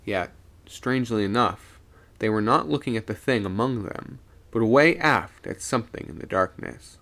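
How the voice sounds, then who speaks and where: Man, low voice, gravelly, very lively intonation, dramatic ghost-story reading. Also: moderate pace. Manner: expressive storyteller voicing each character.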